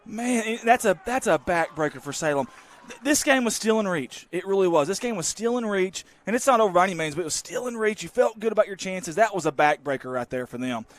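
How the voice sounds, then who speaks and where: A man calling a local high school football game, folksy and excitable, bursting into shouts on big plays. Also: fast talker. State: out of breath. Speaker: play-by-play announcer.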